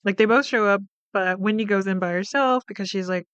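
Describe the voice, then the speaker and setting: A woman's voice: medium pitch, brisk, a bit bright, clear, resonant tone, no room sound. A woman hosting a podcast, recapping a film in a casual, chatty way, full of "like" fillers and freely swearing. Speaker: podcast host.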